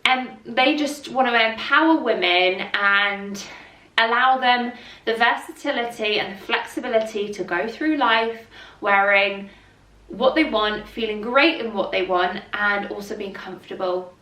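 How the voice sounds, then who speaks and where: Her medium-pitched voice is unhurried, bright and forceful as she rambles through a casual try-on vlog packed with fillers. Congestion from hay fever colors her speech, and the distant mic adds a roomy echo.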